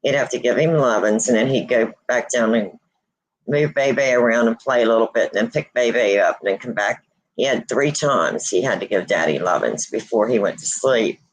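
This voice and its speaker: Near tears with grief, the host of a paranormal channel, a woman, talks haltingly on a casual livestream, pausing and restarting often. The clip also features a husky bass voice, and the recording is low quality.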